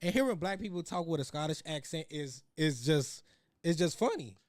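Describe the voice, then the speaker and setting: A man's voice: on the high side, lively intonation, moderate pace, dry recording, studio quality. A man with a Chicago West Side accent, co-hosting a casual podcast chat, rambling with many restarts and laughing through his stories. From Chicago, USA. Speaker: podcast co-host.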